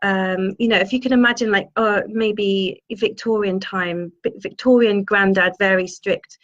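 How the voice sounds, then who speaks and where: A woman's voice: medium pitch, fairly even intonation, a little slow, fairly bright tone. A woman, a spiritual healer, telling a personal story in a meandering way and searching for her words. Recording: dull lo-fi sound.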